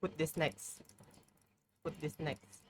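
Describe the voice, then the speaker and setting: A young woman with a lowish voice streams from her room at home, chatting in a playful, mock-dramatic way and cursing freely. A faint hum of background noise sits under her casual talk. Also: fairly even intonation, takes it slowly. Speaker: livestreamer. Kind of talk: casual live-stream chat. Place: room at home with a heater running.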